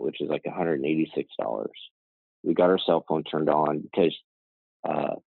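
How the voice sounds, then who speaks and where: This guest, a nonprofit co-founder and CEO, has a low voice and rambles through a story, peppering it with "right?" and "you know." The recording is dry and tinny, like a phone line.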